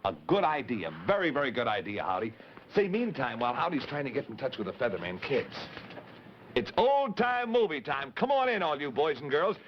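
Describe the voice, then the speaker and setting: A man hosting a 1950s live children's TV show, talking straight to the kids in an animated way. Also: mid-range voice, a little fast. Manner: animated, addressing kids directly. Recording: dull lo-fi 1950s TV recording with faint hiss.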